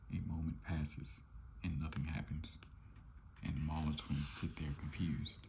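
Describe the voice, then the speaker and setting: A man giving a calm, low-key ASMR comic book reading as the channel host. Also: measured pace, gravelly, slight background noise.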